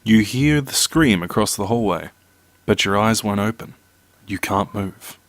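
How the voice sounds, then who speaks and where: Low-voiced man reading scary stories. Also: animated, a little slow. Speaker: narrator.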